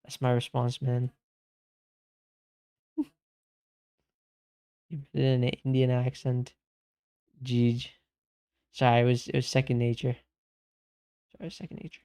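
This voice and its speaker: Male streamer, laid-back slangy chat, clear voice, slow delivery. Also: mid-range voice, monotone, warm tone. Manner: slangy, calls everyone bro; reads and answers chat. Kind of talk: casual livestream chat.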